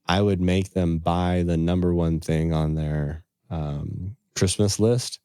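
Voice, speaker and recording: A middle-aged man with a deep, warm, mellow voice tells earnest family stories on a podcast, quoting scripture and old sayings as he goes. He is recorded up close with a dry sound. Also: fairly even intonation, slow, clean tone, no echo. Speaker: financial advisor, podcast guest. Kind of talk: casual storytelling in conversation.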